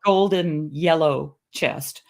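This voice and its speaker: A middle-aged woman with a somewhat low voice tells stories in easy, casual conversation. Her delivery is animated, with laughter slipping in and quotes acted out in a changing pitch. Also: takes it slowly. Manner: animated, laughing storyteller who acts out quotes in a varied pitch. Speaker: guest.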